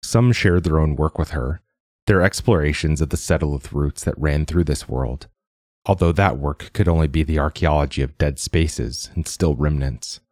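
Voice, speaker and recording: A man narrating a science fiction story in a measured reading. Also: extremely low pitch, a little mellow, dry recording, studio quality. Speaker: audiobook narrator. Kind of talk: scripted narration.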